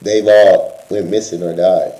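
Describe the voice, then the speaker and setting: A man's voice: deep voice, steady tone, a little slow, mellow, reverberant, low-quality recording. A man co-hosting in casual chat, slangy and joking, talking straight to viewers. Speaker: co-host.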